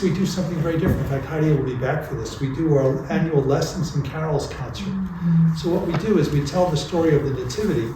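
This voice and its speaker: A man with a fairly high voice hosts in a friendly, halting way, pausing on "uh" and repeating words. He is heard from far off in a church with heavy reverb. Clear room noise hangs behind him. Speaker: concert series host. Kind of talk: audience Q&A and announcements. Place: church concert hall.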